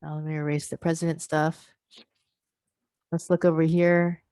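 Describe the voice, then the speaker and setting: A woman with a notably low voice leads an online workshop for English teachers over a video call. She explains patiently, one step at a time, and slows down to draw out each syllable when she models a sound. Her voice sounds close and dry, with no room echo. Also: flat delivery, dark tone, clean tone.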